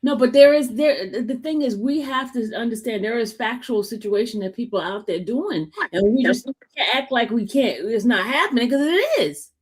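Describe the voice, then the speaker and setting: A middle-aged woman pushes back in a casual debate, speaking with emphatic conviction. She often stammers a repeated "I" before she gets her point out. Her voice sits a little higher than most women's. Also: lively intonation, moderate pace, hardly any pauses, husky.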